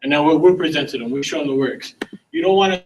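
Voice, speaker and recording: Male sales trainer, casual slangy delivery, a bit high, heard from a distance. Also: fast talker, a little hiss or hum. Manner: relaxed, slangy, acting out sample conversations. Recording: voice from some distance from the mic.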